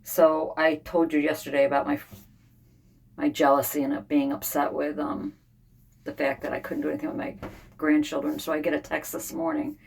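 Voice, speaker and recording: Weary low-voiced grandmother, husky and gravelly. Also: animated, a little mellow. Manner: weary, rambling, frequent sighs and pauses. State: unwell, frustrated. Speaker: vlogger. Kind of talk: casual diary vlog. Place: home sauna.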